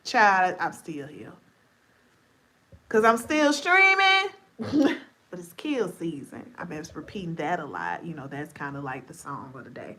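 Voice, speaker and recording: A woman's voice: deep voice, lively intonation, normal speed, hardly any pauses, a bit bright. Sleepy, chatty woman live-streamer. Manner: chatty, playful, talks straight to viewers. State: sleepy, voice going deep and scratchy. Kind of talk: casual live-stream chat.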